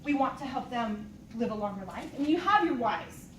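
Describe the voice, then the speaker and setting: A woman's voice: fairly high pitch, animated, moderate pace. A woman in her thirties giving an enthusiastic, casual talk as a fitness coach to a live group, laughing often. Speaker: fitness coach speaking at a team meeting. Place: meeting room with an audience. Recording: echoey room, distant mic, noisy.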